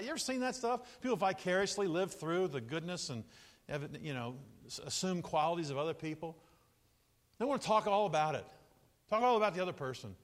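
An older man preaching a sermon in an animated, jokey way, often laughing and acting out quotes. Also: high-pitched, fast talker, in a large hall. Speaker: pastor.

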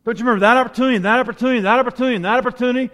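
A preacher giving voice to a stern, reproachful divine voice. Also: male voice, extremely high pitch, very fast, fairly bright tone, pitched above the performer's own voice. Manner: reproachful, repeating questions. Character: the Lord, a stern questioning male divine voice. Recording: long hall reverb.

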